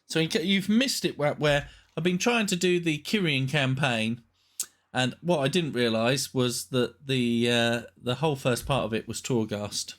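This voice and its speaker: A male gaming streamer chatting casually on a live stream. He rambles and cuts himself off as he goes, in a voice of ordinary pitch. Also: unhurried, fairly bright tone. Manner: rambling, self-interrupting chatter.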